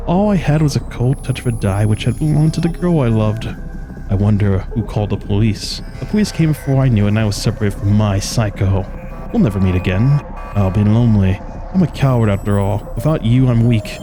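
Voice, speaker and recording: A man streaming a video game, reading its story text aloud dramatically and dropping wry asides between passages. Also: fairly low pitch. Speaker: gaming streamer. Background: game music.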